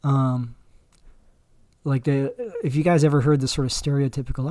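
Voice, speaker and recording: Mellow-voiced man rambling on stream. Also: medium pitch, steady tone, dry recording, clean studio sound. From Canada. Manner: rambling, halting, many fillers and restarts. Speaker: livestream host. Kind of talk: casual livestream commentary.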